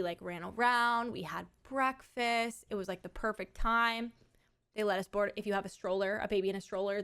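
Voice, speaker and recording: A woman's voice: fairly high pitch, a bit bright. A woman live streamer in a casual, rambling chat who swears freely.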